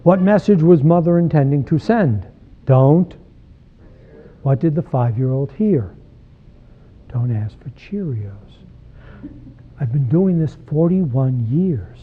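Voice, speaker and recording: A sixty-something psychologist addresses parents in a church hall, keeping his lecture direct and conversational and questioning the audience. His husky, animated voice is on the high side, and he takes it slowly with long pauses. The recording has a thin, phone-like quality.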